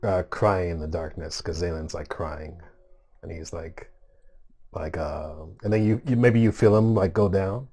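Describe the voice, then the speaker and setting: A man's voice: low-pitched, unhurried, mellow, a little hiss or hum. A man playing a tabletop game, hesitantly describing what his character does, with many fillers. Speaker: player. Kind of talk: casual chat at a tabletop game.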